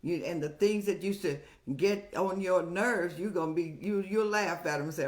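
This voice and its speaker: A woman's voice: normal speed, few pauses. Motherly woman giving folksy advice. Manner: folksy, preachy, calls listeners child; animated storytelling with rising pitch. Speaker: host answering viewer questions.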